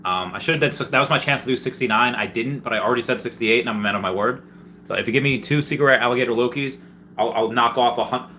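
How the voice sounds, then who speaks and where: Excitable man rambling through a livestream. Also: medium pitch, a little hiss or hum. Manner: rambling, excitable, jokey, many restarts. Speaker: livestream host reading chat. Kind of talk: casual livestream chat.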